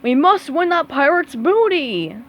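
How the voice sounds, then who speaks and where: A woman's voice: high voice, sing-song, measured pace, muffled recording, voice pushed up. A woman reading a storybook aloud, voicing a grumpy, demanding male squid coach who barks orders. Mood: bossy. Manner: bossy, barking orders.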